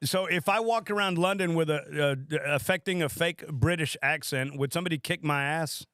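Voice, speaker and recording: Host: South Texas man, eager, stumbling repeats, smooth and clean voice. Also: on the high side, moderate pace, a bit bright, dry recording, clean studio sound. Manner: enthusiastic, repeats words. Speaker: podcast host. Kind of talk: casual podcast chat.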